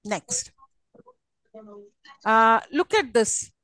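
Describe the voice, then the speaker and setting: A woman's voice: fairly high pitch, expressive, very slow, fairly bright tone, no room sound. A woman giving a university lecture, explaining step by step and often checking that listeners follow. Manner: explanatory, checks understanding with repeated "okay?" and "isn't it?".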